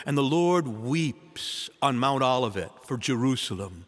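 A man, a priest, giving a sermon with dramatic swings between loud and soft. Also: lively intonation, a little slow. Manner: dramatic preaching with wide swings in pitch and loudness. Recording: long church reverb.

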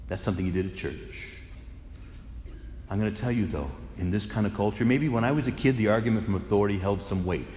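A man who is a Catholic priest, preaching a sermon with lively storytelling that swings from hushed to loud. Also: on the low side, quick pace. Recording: echoey hall with faint noise.

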